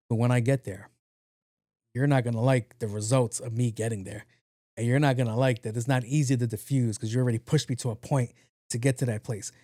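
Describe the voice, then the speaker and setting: A man hosting a podcast in a casual monologue, talking low and evenly, blunt and profane. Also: fairly quick, no echo, clean studio sound. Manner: low-key, talks in a low even voice. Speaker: podcast host.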